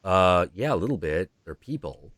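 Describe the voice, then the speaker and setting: A man's voice: sits low, big pitch swings, moderate pace, fairly bright tone, no room sound, clean studio sound. A man hosting a livestream, ranting heatedly and profanely, acting out imagined dialogue. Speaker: stream host.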